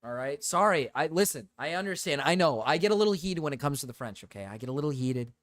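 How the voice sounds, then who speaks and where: A man's voice: a little high, animated, quick pace, a bit bright, dry recording, clean studio sound. A man streaming, rambling through joking rants with lots of repetition and swearing. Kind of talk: casual live-stream chat.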